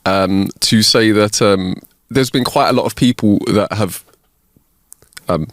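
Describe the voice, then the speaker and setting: A man's voice: fairly low pitch, unhurried, no echo, clean studio sound. A young man co-hosting a podcast, chatty and digressive, laughing often as he tells jokes. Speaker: podcast co-host. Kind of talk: casual chat and joke telling.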